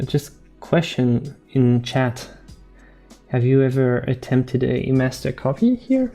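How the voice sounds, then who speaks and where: Guy painting on a live stream, talks real slow and soft, keeps repeating himself, low mellow voice. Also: very animated, soft background music.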